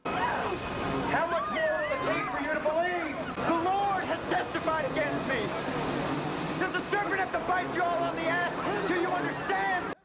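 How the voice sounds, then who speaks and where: A man's voice: very high-pitched, big pitch swings, normal speed, a loud crowd, heavy background noise. An actor playing a young male faith healer who preaches with fervent intensity. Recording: TV clip under loud score.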